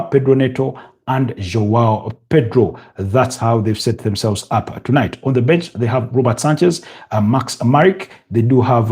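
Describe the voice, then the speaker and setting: With a medium-pitched, slightly rough voice, a young Ugandan English-accented man hosts a live football watch-along. He chats and narrates the action, stumbling through frequent fillers and restarts, and grows excited whenever someone scores.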